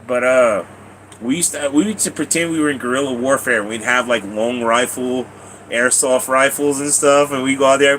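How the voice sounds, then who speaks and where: Man, live streamer, rambling casual storytelling, repeats words, swears casually, crisp bright tone. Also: mid-range voice, steady tone, moderate pace, a little hiss or hum, rough recording. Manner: rambling and repetitive, casual swearing, laughs often.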